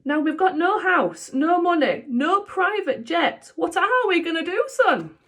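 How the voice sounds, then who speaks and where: A woman's voice: very high voice, big pitch swings, measured pace, a bit bright, voice pushed up, exaggerated voice. Woman doing a gushing, overwrought dad. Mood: emotional. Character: emotional middle-aged father, soft-hearted and dramatic.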